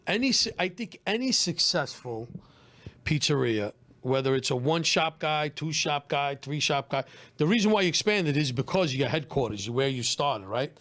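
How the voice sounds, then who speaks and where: A man's voice: a little high, fairly bright tone. Brash Brooklyn-accented man, pizza owner. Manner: brash, streetwise, swears freely. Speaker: pizzeria owner. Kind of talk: casual chat.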